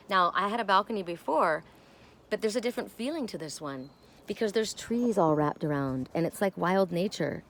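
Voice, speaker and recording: A woman chatting casually on her home deck, expressive and talking to her pets between thoughts. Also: fairly low pitch, moderate pace, a little hiss or hum. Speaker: spiritual vlogger. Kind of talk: casual chat.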